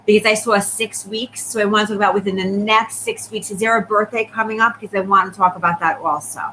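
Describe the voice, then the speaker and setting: A woman giving a live psychic reading, talking quickly and checking in often with the person she reads for. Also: medium pitch, fairly even intonation, sharp tone, slight background noise, low-quality recording. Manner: rapid, repeatedly checking in with the sitter. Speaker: psychic medium.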